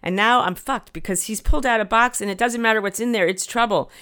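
A woman telling a comic story in casual chat, animated and salty, acting out the lines she quotes. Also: fairly high pitch, fast. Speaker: guest storyteller.

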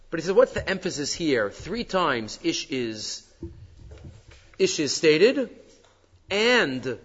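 Guy giving a torah class, kinda high voice, dull echoey hall sound. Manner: animated, questioning, sprinkled with Hebrew terms. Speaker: Torah teacher. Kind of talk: weekly Torah portion class. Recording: dull audio with long hall reverb.

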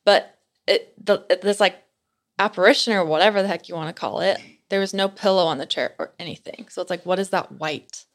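A woman's voice: fairly low pitch, a little fast. A young adult woman, a podcast guest, tells a story in a casual, chatty way and fills her speech with "like".

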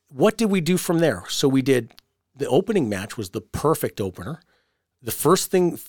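A man hosting a wrestling podcast, telling stories in a casual, animated way and jumping into the voices of the people he quotes. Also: mid-range voice, no echo, clean studio sound. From Canada. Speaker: podcast host, wrestling promoter. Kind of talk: casual storytelling chat.

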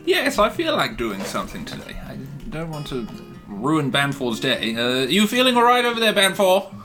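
Animated man with a swooping voice. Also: moderate pace. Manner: animated, giggly, swings from low narration to high exclamations. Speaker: player. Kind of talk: casual tabletop role-play. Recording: music bed behind the talk.

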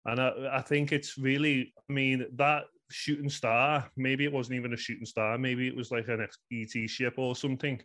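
A guest in his thirties from England speaks with a Liverpool accent, his voice medium in pitch, level, and a bit bright. He talks at normal speed with few pauses, earnestly telling a rambling personal story packed with "you know" fillers.

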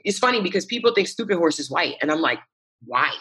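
Lively young woman voice actor, bright. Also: lowish voice, very fast, slightly rough, rough recording. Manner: animated, laughs often, acts out quotes. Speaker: voice actor guest. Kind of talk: casual interview chat.

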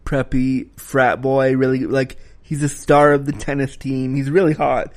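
A man's voice: medium pitch, level tone, measured pace. A man giving a casual spoken film review, talking frankly and critically, with the occasional swear word.

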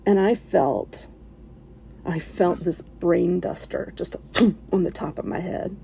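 A woman sharing an emotional personal story, halting at times, with fillers, restarts and soft laughs. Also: fairly low pitch, vocal fry, a little hiss or hum.

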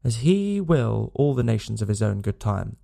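A man's voice: fairly low pitch, sing-song, normal speed, creaky, mellow, heavily acted. A man voicing a nasal, smirking young suitor who boasts of his wealth, in a storybook reading. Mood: pious.

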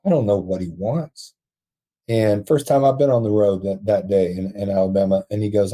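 Earnest man with a dark, husky voice. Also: lowish voice, normal speed. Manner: earnest, emotional storyteller who laughs often. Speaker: podcast guest, prison ministry founder. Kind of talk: storytelling in conversation.

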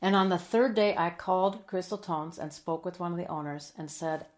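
A middle-aged woman in a heartfelt interview, telling a personal story with earnest emotion, sometimes dropping soft and quiet. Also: on the low side, moderate pace, few pauses. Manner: earnest and emotional, drops soft and quiet, then lively when quoting. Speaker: guest.

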